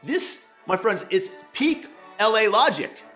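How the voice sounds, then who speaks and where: Sneering commentary guy, kinda high voice, mocking tone, light music under it. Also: sing-song, takes it slowly, bright, forceful tone. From Boston. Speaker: political commentary host. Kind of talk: sarcastic political commentary.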